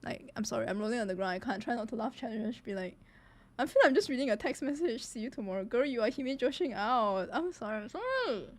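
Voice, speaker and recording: Giggly, excitable woman streamer. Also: on the high side, fast talker. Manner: giggly, laughs easily and apologizes a lot; excitable, reacting aloud to game scenes. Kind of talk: casual live-stream chat.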